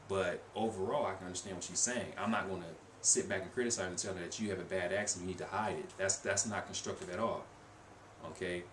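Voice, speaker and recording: A man's voice: sits low, fairly bright tone. A man vlogging about language learning in an earnest, casual way, often repeating himself and restarting his sentences. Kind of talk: casual motivational talk to camera. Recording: echoey room with faint noise.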